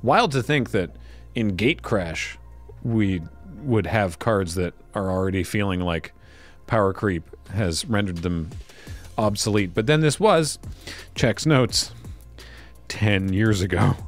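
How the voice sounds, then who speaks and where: Man, card review host, wry, animated pitch, faint background music. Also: slow pace, pauses often. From Canada. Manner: lively, wry, reads card text aloud then riffs. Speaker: host opening card packs. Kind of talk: casual card review commentary.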